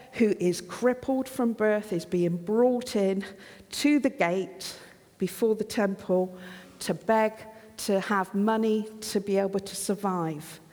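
A woman preaching a sermon, retelling a Bible story as a lively storyteller who acts out the dialogue. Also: medium pitch. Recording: long hall reverb.

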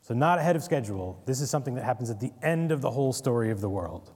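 A man's voice: medium pitch, animated, rapid-fire, darkish tone, big-room sound. A man giving a casual Bible study lecture, conversational, with wry asides and frequent "right?" checks. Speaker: Bible teacher.

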